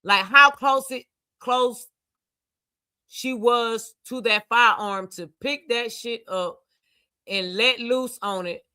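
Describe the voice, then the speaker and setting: Woman streamer talking slow and blunt, bright voice, dry close sound, laughs a lot. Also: on the high side, clean tone, dry recording. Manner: blunt, slangy, breaks into laughter. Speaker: livestream commentary host. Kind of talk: casual reaction commentary.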